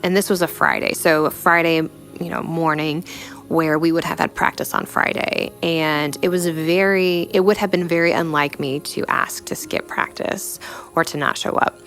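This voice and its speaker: A young woman giving a personal faith testimony in a reflective, halting way, full of "you know" fillers. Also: low-pitched, vocal fry, a bit bright. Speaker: storyteller sharing a personal testimony.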